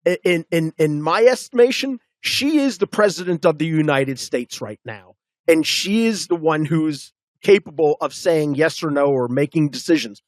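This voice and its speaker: A man's voice: a little high, expressive, moderate pace, no echo. A man co-hosting a political talk show, arguing emphatically and firing off rhetorical questions. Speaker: podcast co-host.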